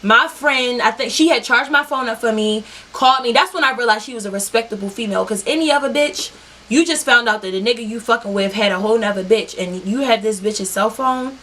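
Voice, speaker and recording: Young female vlogger, fairly high voice, lively and profane, addressing viewers directly. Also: fairly quick. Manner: animated, profane, talking straight to viewers. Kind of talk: storytime vlog.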